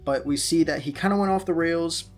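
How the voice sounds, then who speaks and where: A man's voice: on the high side, a little fast, soft background music. A man casually reviewing comic books in a chatty vlog, recapping plots with fillers along the way.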